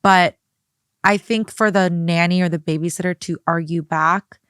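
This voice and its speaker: Opinionated young woman co-host, lower voice. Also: fairly even intonation, normal speed, fairly bright tone, clean tone, no room sound, clean studio sound. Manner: opinionated, chatty, lots of fillers. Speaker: guest co-host. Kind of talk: casual chat.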